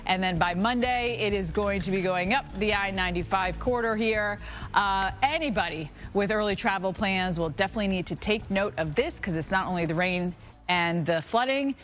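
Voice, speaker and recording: A middle-aged woman presenting a live TV weather forecast, lively and chatty, laughing at her own slips. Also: medium pitch.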